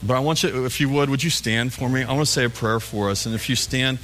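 A pastor preaching a sermon to his congregation, acting out a back-and-forth with God and answering doubts in a lower, softer voice. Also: fast talker, a little hiss or hum. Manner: acts out a back-and-forth dialogue with God, dropping lower and softer for God's replies.

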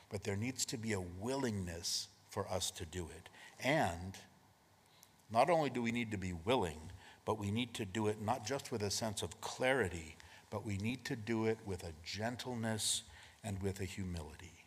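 A man preaching a sermon as pastor, in a conversational style with frequent rhetorical questions, moving between emphatic and hushed delivery. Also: lowish voice, slightly rough, long reverb tail.

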